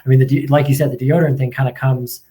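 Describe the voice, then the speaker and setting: A man with a mid-range voice talks through medical topics in a relaxed podcast chat. He hesitates and restarts often, reaching for simple comparisons as he explains. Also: mid-range voice, very fast. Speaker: pediatrician guest. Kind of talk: casual podcast conversation.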